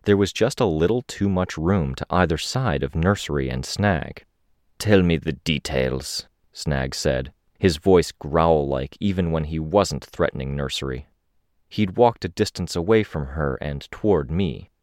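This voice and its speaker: A man narrating a first-person story in a steady, descriptive reading. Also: extremely low pitch, normal speed, no echo, studio quality. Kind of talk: audiobook narration.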